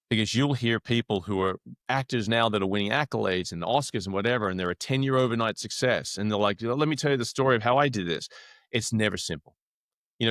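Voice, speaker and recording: Low-voiced Australian man telling stories. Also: smooth, no room sound, clean studio sound. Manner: animated, acts out quoted dialogue. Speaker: actor guest. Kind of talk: casual storytelling.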